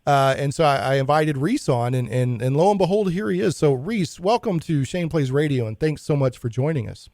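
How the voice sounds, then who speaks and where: A man's voice: fairly high pitch, expressive, brisk, few pauses, darkish tone, no echo. A male radio show host talking in a casual, enthusiastic way, rambling a little and restarting his sentences while he interviews a guest in the studio.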